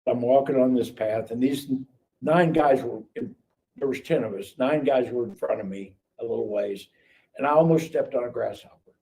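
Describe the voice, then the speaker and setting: A man's voice: medium pitch, normal speed, creaky. Older man telling his story. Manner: animated storyteller acting out dialogue. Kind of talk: casual testimony storytelling. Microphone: live stream call mic. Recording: distant mic with faint noise.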